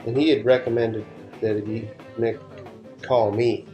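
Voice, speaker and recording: A man's voice: medium pitch, flat delivery, measured pace, dark tone, soft background music. A man guesting on an interview, telling rambling stories in casual talk and often restarting his sentences. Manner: rambling, restarts sentences, laid-back storytelling. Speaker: session guitarist, interview guest.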